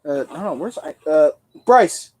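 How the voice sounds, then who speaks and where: A man's voice: on the high side, expressive, moderate pace, mellow. A man hosting a casual livestream, rambling through stories and jokes. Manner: rambling storytelling, joking. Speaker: livestream host and Civil War reenactor.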